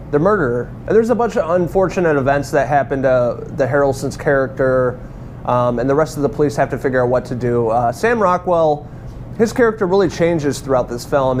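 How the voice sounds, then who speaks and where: A man's voice: medium pitch, darkish tone, slight background noise. A man giving a casual, rambling movie review, swearing freely and laughing now and then. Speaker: film reviewer.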